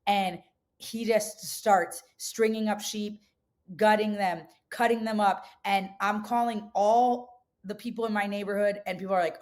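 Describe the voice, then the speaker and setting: A middle-aged woman from upstate New York, a farmer and chef, telling her story in a casual interview, animated and full of fillers and restarts. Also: medium pitch, moderate pace. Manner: animated, many fillers and restarts, quotes others in voices.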